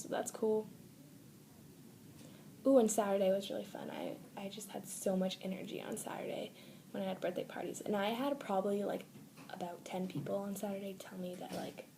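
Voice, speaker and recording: A woman's voice: medium pitch, vocal fry, mellow, a little hiss or hum. A teenage girl vlogging, telling a long personal story in a casual, rambling way with many fillers, often dropping to a whisper. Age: teens. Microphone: phone or webcam.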